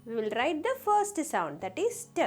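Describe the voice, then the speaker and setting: A woman teaching a children's phonics lesson, slowly sounding out letters and asking the class questions. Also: sits high, huge pitch swings.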